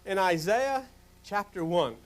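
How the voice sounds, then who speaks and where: An older male pastor from New Jersey preaching a sermon, swinging from loud, emphatic questions to hushed whispers. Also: high-pitched, lively intonation, measured pace.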